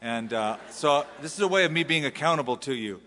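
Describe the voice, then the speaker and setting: American man, pastor, conversational sermon, bright voice, long hall reverb. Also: on the high side, lively intonation, brisk. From US West Coast. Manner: conversational, self-deprecating, with restarts. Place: large church hall.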